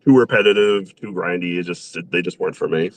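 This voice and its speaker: A man being interviewed on a casual show, laid-back and quick to laugh. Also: deep voice, dry recording. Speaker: interview guest.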